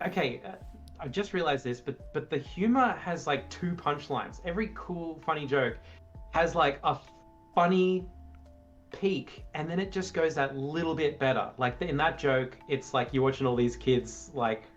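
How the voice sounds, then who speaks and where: A man co-hosting a casual film review chat, eagerly retelling comic scenes and acting them out in sudden high voices. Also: normal speed, muffled recording, soft background music. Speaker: podcast co-host.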